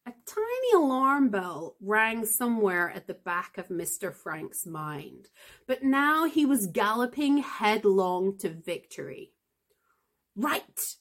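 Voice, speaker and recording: A woman podcast host reading a fantasy novel aloud for English learners, in an expressive storytelling manner. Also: medium pitch.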